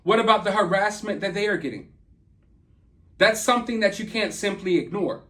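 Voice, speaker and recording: This man from the American South has a high-sitting, slightly bright voice and talks at normal speed. As a YouTube commentator, he unleashes a heated, confrontational rant at viewers.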